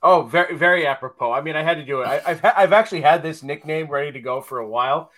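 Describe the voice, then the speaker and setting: A man's voice: a little high, quick pace, a bit bright. Chatty laughing male podcast co-host. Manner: rambling, laughs often, many fillers. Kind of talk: casual podcast chat.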